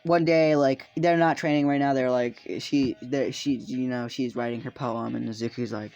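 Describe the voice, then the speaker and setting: A casual narrator telling an improvised fan story, rambling with many fillers, restarts and curses. The voice sits at an ordinary middle pitch. Soft music plays faintly behind. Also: fairly even intonation, moderate pace, lo-fi sound. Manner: rambling, full of fillers and swearing.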